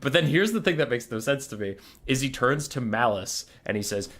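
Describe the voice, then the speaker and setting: A man streaming and casually retelling a story to his chat, animated, exasperated and swearing freely. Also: mid-range voice, a little fast.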